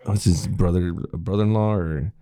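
A man's voice: low voice, steady tone, moderate pace, dark tone, clear, resonant tone. A man hosting a podcast, chatting casually and playfully and laughing often. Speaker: podcast host. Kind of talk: casual chat.

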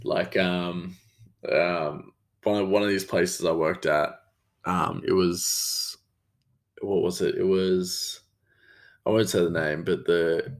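An Australian chef telling rambling stories in a casual monologue, with many fillers and frequent chuckles, a bit tired. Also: male voice, low voice, steady tone, slow, long pauses. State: tired, yawning.

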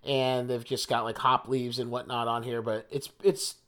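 In a mid-range, level, fairly bright voice at normal speed, a young New Jersey man co-hosts a podcast. His casual chatter drifts, with many fillers and sentences begun again.

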